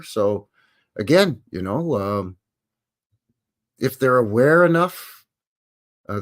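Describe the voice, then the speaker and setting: A man from Canada, hosting a live stream in a rambling chat that acts out quoted voices and answers viewers. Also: medium pitch. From Western Canada. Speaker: livestream host.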